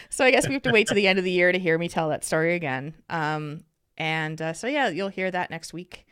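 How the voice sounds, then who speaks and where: A woman hosting a podcast in casual chat, giggly and talkative, with lively swings in pitch. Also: a little fast, smooth, dry recording, clean studio sound. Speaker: podcast host.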